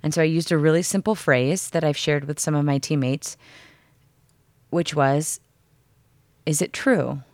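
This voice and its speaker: Frank, low-voiced woman coaching. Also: fairly even intonation, measured pace, pauses often, a little mellow, no room sound. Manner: frank and profane, acts out inner voices. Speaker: podcast co-host. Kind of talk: casual coaching chat.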